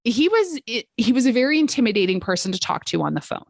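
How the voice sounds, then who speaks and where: A woman's voice: a little high, sing-song, fast talker, vocal fry, no room sound. A woman travel sales coach hosting a coaching call, telling stories in a chatty way with exclamations.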